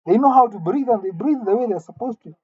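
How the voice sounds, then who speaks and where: Woman, husky voice, mock-serious indignant rant, halting with repeated words, dull lo-fi recording. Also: fairly high pitch, animated, no room sound. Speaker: comedic vlogger.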